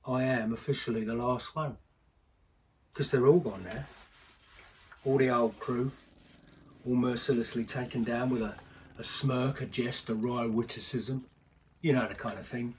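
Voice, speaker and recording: A man's voice: mid-range voice, fairly even intonation, a little slow, pauses often, far from the mic, slight background noise, close to an everyday voice. A man playing a sardonic ex-henchman. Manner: rambling, confiding, sardonic asides. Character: aging bitter ex-henchman, chatty, sardonic. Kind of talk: audio drama monologue.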